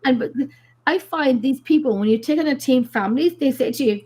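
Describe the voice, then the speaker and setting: A woman paranormal investigator from Ireland, casually telling stories on a live show, animated and full of fillers and swearing. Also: high voice, brisk, husky.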